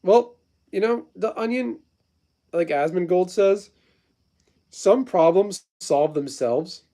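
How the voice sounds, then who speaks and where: A man's voice: sits high, takes it slowly, dark tone. Blunt, rambling man streaming live. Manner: rambling, profane, blunt storytelling; replies to chat messages. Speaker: livestream host. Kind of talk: casual livestream chat.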